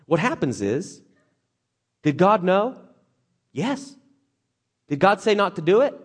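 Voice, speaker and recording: A man preaching a sermon as lively storytelling, joking and acting out the characters. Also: high-pitched, slow, slightly rough. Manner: animated, jokey, acts out characters.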